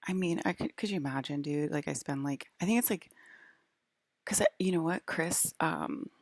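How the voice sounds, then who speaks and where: A woman's voice: deep voice, moderate pace, no echo. A young woman rambling casually to her viewers in a vlog, full of "like" and restarts. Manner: rambling, filler-heavy, lots of "like". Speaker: vlogger.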